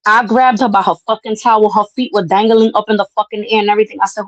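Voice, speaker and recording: A woman spins a family story in blunt, cursing, lively talk. Her voice sits at a middle pitch and the sound is dry and close, with no room around it. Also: quick pace, few pauses, no room sound, poor audio. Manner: brash, profane, animated storyteller. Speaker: podcast host. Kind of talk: casual storytelling chat.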